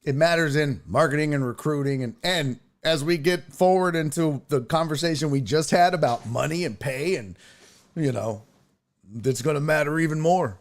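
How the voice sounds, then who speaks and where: A man's voice: fairly high pitch, normal speed. A man hosting a casual sports talk show, brash and profane. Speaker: sports podcast host.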